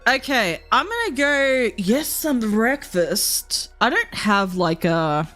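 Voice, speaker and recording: A woman's voice: fairly high pitch, big pitch swings, slow pace, a bit bright, soft background music. A woman streamer chatting casually, laughing often, swearing, and mimicking characters as she tells stories. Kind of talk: casual live-stream chat.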